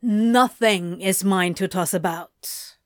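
A woman's voice: mid-range voice, slow pace, no echo, studio quality, lightly acted. A woman voicing a drawling, sneering male demon. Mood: mocking. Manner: mocking drawl.

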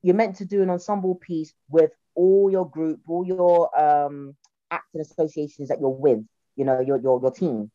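A young South London woman speaks in a low, mellow register, telling her story in a loose, chatty way and breaking into laughter. The sound is dry and slightly dull, like a video call. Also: moderate pace, no room sound. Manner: chatty, animated, laughs often, slips into mocking voices. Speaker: guest, comedian. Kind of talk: casual interview chat.

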